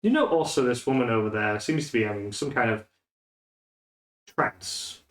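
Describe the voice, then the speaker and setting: A man's voice: mid-range voice, moderate pace. A man running a tabletop game as game master, narrating loosely with many fillers. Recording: echoey room.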